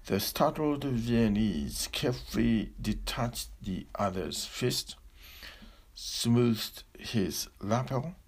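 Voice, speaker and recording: A man giving a slow, deliberate philosophical discourse with long pauses, like a spiritual teacher. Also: medium pitch, lively intonation, husky.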